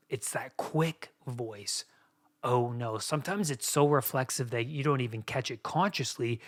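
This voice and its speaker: Guy doing a solo podcast, earnest coaching tone, drops soft then punches words hard. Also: mid-range voice. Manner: earnest, coaching, talks straight to listeners. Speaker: podcast host.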